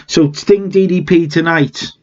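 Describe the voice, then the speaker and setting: A man's voice: fairly high pitch, fairly even intonation, unhurried, highs cut off. A man casually recapping a wrestling management game, chatty with wry asides. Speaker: game let's-player.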